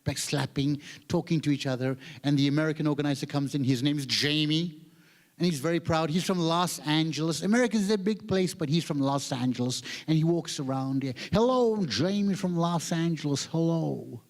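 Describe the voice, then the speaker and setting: A man's voice: on the high side, fairly quick. A middle-aged Malaysian man with a Malaysian accent, telling a self-mocking stand-up story on stage and mimicking voices. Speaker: comedian, guest performer. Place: large hall on stage. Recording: long hall reverb.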